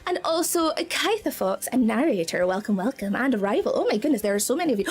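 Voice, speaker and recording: A woman VTuber streamer chatting casually with viewers, bubbly and excitable, laughing often. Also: a little high, fast talker. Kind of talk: casual live-stream chat.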